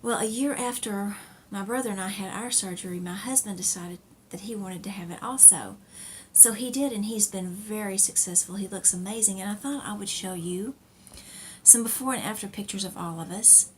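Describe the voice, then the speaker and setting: A woman's voice: mid-range voice, normal speed, a little hiss or hum. Chatty woman telling a personal story. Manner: chatty, rambling, with fillers and laughs. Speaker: knitting podcast host.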